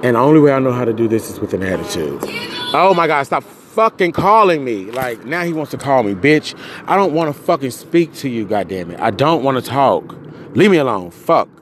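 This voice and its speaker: A man hosting a podcast, ranting angrily and profanely, swinging from low muttering to loud outbursts. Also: expressive, fairly quick, slight background noise. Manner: profane, venting, swings between muttering and shouting. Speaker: podcast host. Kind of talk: angry solo podcast rant.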